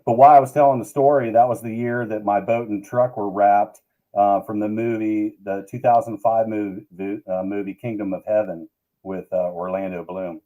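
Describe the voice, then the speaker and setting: A man's voice: fairly low pitch, fairly even intonation, moderate pace, narrow, tinny audio. A man who is a guest on a live fishing show, telling long rambling stories in casual chat. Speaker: guest, tournament angler. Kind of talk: casual storytelling.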